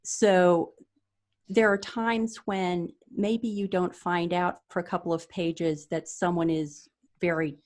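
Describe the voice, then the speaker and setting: A woman with a somewhat low voice, interviewed as an author. She talks in a measured, explanatory way and relaxes into anecdotes as she goes. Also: level tone, darkish tone. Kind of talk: casual interview chat.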